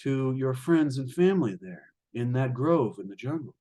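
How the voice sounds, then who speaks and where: A man's voice: mid-range voice, expressive, normal speed, warm tone, close to an everyday voice. A bewildered adult hunter in a spoken fable, as a man puts him on in his own voice. He exclaims in disbelief at what happens around him. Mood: curious.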